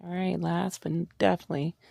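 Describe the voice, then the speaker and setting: Female book vlogger, excitable and sweary, very fry-heavy mellow tone, dry close sound. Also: on the low side, brisk, no echo. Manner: excitable, swears a lot, gushing. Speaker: book reviewer. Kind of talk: casual book review vlog.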